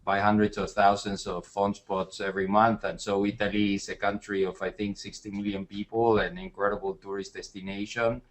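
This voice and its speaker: A man answering interview questions as an entrepreneur, calm and matter-of-fact. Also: on the low side. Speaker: entrepreneur guest.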